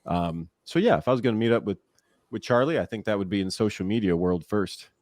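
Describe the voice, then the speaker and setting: Lively, low-voiced man telling stories. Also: brisk, dry recording, clean studio sound. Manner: animated, laughing storyteller who acts out quotes. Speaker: former pro baseball player and broadcaster. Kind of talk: casual storytelling in a podcast interview.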